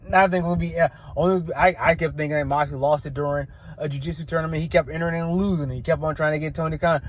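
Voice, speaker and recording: Male show host, fairly high voice, blunt opinionated rambler who stammers and restarts. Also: fast, few pauses. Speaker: wrestling show reviewer. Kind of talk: casual opinionated review.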